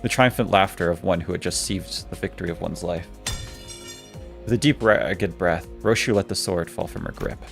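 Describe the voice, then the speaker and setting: A man's voice: deep voice, normal speed, creaky, faint music behind. A male streamer reading a game's story text aloud, often restarting words he stumbles on.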